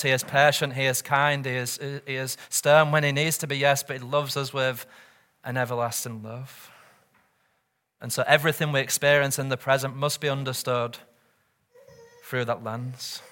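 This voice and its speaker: Bright-voiced male pastor preaching. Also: mid-range voice. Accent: British or Commonwealth English. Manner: earnest, asks the congregation rhetorical questions. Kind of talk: sermon.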